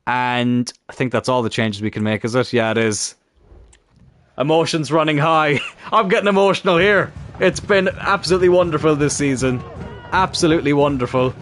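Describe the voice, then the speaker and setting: Excitable man commentating his game. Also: fairly high pitch, normal speed. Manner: excitable, shouts at goals, laughs. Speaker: gaming YouTuber. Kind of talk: football management game commentary.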